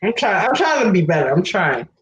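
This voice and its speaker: A woman co-hosting a casual livestream chat, acting out quotes with expressive delivery and laughing while she talks. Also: lowish voice, brisk, reverberant, muffled recording, a little hiss or hum. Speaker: livestream co-host.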